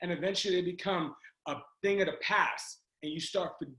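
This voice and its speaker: A man giving an energetic motivational pep talk to a sales team over a video call, often shouting and urging listeners on. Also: sits high, brisk. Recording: roomy video call audio.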